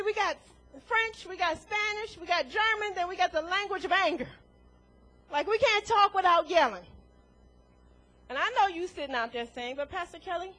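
A woman's voice: very high voice, fairly bright tone. A woman preaching a sermon to a congregation in a church, emphatic and full of rhetorical questions, chuckling between points.

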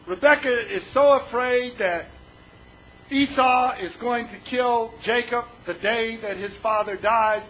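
A man's voice: very high-pitched, sharp tone, slight background noise, low-quality recording. A man preaching a sermon, retelling a Bible story dramatically and calling out questions to the listeners.

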